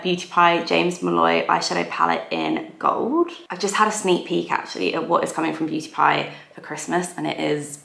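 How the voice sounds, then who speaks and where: A gravelly, creaky woman in her thirties, chatting and giggling while she puts on makeup. Her voice sits a little low and rings in an echoey room at home. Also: fairly bright tone. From England. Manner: chatty, giggly, self-deprecating. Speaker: beauty vlogger. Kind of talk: casual get-ready-with-me chat.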